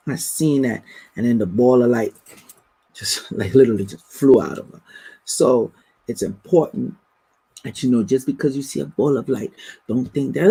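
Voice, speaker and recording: Male livestream host, slow and husky, casual storytelling. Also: mid-range voice, mellow, rough recording. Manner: slow, storytelling, reads out viewer comments. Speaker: livestream host answering viewer questions. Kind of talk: casual spiritual livestream talk.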